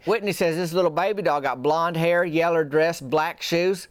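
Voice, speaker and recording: A man's voice: fairly high pitch, moderate pace, hardly any pauses, smooth, no echo, studio quality. A man telling a rambling comic story in folksy dialect. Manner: rambling folksy yarn-spinning with dialect grammar.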